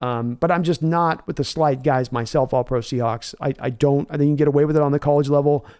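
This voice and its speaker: Mellow-voiced man hosting a sports chat. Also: on the high side, fairly even intonation, quick pace, clear, resonant tone. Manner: conversational, reads viewer comments aloud and answers them. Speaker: podcast host reading chat. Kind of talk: casual live-stream chat.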